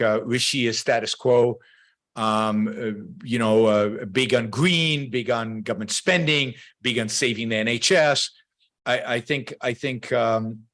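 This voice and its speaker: A man's voice: medium pitch, fairly bright tone. A middle-aged man hosting a show, giving opinionated, emphatic commentary with lots of fillers and restarts. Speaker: show host. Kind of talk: casual livestream commentary.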